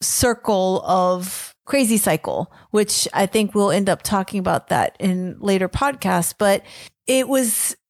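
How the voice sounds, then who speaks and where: Woman cohosting a faith podcast, lively storyteller, dry close sound. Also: mid-range voice, unhurried, no echo. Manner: animated, acts out quoted lines. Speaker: podcast co-host. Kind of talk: casual storytelling.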